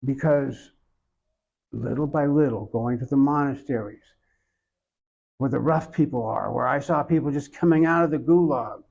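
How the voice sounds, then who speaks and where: An older man with an Oklahoma accent, an interviewee who tells his story slowly and reflectively, with many pauses. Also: fairly high pitch, vocal fry, a little mellow, muffled recording. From Oklahoma, USA. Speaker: interviewee, iconographer.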